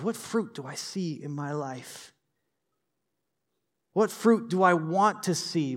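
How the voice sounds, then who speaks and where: A man preaching a sermon in a conversational, lively way, with personal stories and light humor. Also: a little high. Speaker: pastor.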